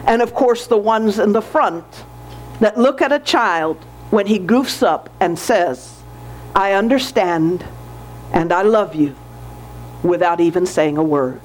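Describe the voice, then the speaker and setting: A woman's voice: mid-range voice, unhurried, a little hiss or hum, pitched below the performer's own voice, close to an everyday voice. A woman voicing God as a proud, eager male creator while telling a story in a sermon.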